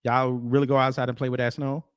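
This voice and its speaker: A man's voice: mid-range voice, little pitch movement, quick pace, clean tone, dry recording, studio quality. A man hosting a livestream, giving casual reaction commentary and repeating short phrases. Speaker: livestream host.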